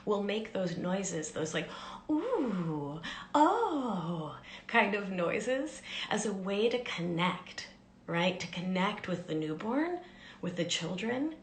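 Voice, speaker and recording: A woman life coach giving a gentle, soothing teaching talk on a live stream, often dropping into soft whispers. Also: medium pitch, expressive, slow, echoey room, a little hiss or hum.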